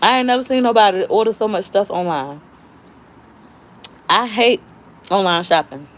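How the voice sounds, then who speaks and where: Chatty mom, out of breath. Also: female voice, medium pitch, animated, moderate pace. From Florida, US. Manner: chatty, loose, rambling, slangy. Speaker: YouTube cooking vlogger. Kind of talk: casual chat with viewers. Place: at home with family.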